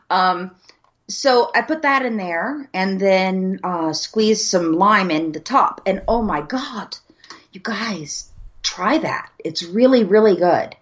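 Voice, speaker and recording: A woman's voice: mid-range voice, slow pace, highs cut off. A Southern American woman co-hosting a podcast, a little tipsy, telling a rambling story with laughs and the odd swear. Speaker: podcast co-host. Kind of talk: casual chat.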